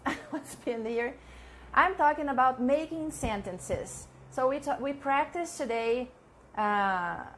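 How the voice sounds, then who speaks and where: Woman teacher, fairly high voice, chatty online lesson, slight background hum. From Brazil. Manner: chatty, repeats example sentences slowly, laughs often. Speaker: English teacher. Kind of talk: live online English lesson.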